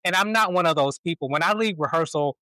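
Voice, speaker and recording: A male podcast host, an animated storyteller who laughs often while chatting casually. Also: fairly high pitch, fast talker, dry recording, low-quality recording. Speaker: stage performer. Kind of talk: casual conversation.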